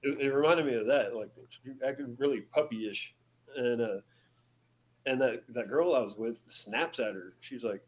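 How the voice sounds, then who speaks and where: A man's voice: medium pitch, moderate pace. Man telling a story with chuckles. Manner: chuckles often, leans on "you know". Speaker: podcast guest. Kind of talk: casual storytelling.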